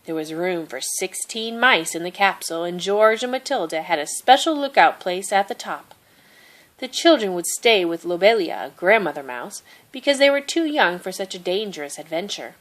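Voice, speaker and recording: A woman reading a children's picture book aloud at a steady storytelling pace. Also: lowish voice, moderate pace. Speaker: storybook reader.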